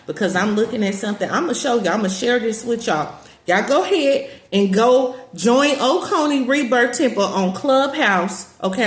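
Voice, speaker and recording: A woman preaches straight to her online followers, emphatic and repetitive, in a voice of middling pitch. She keeps calling them y'all and driving each point home again. The sound bounces around an echoey room. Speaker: spiritual teacher and online community leader. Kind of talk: casual preaching to viewers.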